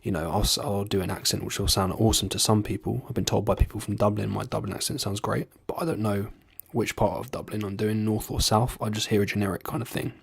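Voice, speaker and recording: A man's voice: fairly low pitch, fairly even intonation, quick pace, gravelly, hardly any pauses, slightly rough, no room sound, studio quality. A young man chatting casually to camera in a rambling, sweary, self-deprecating way. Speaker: vlogger doing accents.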